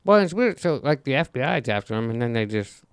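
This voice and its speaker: A man's voice: medium pitch, big pitch swings, fast, clear, resonant tone, no room sound. A man co-hosting a podcast, blunt and wry, swearing casually. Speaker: podcast co-host. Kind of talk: casual chat.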